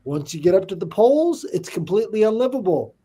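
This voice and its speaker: A man with a somewhat high, mellow voice talks in an easy conversation. He lays out sweeping ideas with emphasis and keeps checking that the other person follows him. The tone is relaxed and warm rather than bright. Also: fast, breathy edge. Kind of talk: casual chat.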